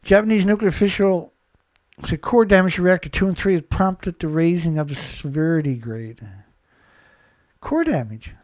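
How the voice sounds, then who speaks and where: An angry man rants through his live show, throwing insults and firing rhetorical questions. His voice sits a little high and is lightly congested. The recording is dry and close, with no room sound. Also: normal speed, darkish tone, no echo. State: congested, blowing nose. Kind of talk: impassioned live commentary.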